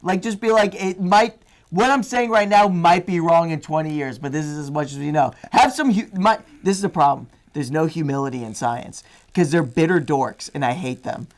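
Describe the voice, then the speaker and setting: Podcast guest: a man with a high voice who rants and swears freely. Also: moderate pace. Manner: profane, ranting. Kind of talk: casual chat.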